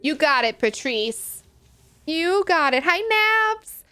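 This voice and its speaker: A chatty young woman talks through her game in a slightly high voice, joking at her own expense and giggling between thoughts. Soft game music runs quietly underneath her. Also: very animated, slow. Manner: chatty, self-deprecating, giggly. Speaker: streamer. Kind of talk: casual gameplay chat.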